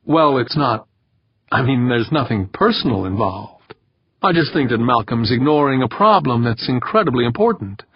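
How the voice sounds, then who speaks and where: A woman's voice: extremely low pitch, animated, brisk, few pauses, husky, no room sound, full character voice. A man reading the part of a young woman running for office, speaking firmly and directly. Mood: hesitant. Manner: firm and direct, a little hesitant when challenged. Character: young woman, candid, determined candidate. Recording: dull, dry, slightly muffled recording.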